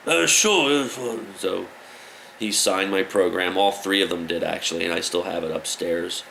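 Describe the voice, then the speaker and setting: A man's voice: low voice, normal speed, vocal fry, slight background noise, poor audio. A man casually telling a story from his youth, acting out the voices of the people he quotes. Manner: animated, acts out quoted voices. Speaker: musician guest.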